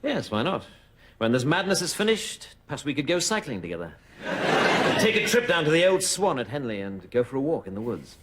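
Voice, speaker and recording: A man's voice: medium pitch, big pitch swings, a little fast, natural voice. A man playing a sardonic, cutting army captain. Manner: dry, cutting, sarcastic delivery. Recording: TV clip audio with noise.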